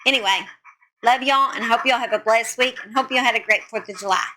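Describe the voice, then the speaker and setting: A woman's voice: a little high, fairly quick, sharp tone. A woman hosting a casual true crime chat, speaking in an earnest, heartfelt way to her listeners. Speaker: true crime podcast host.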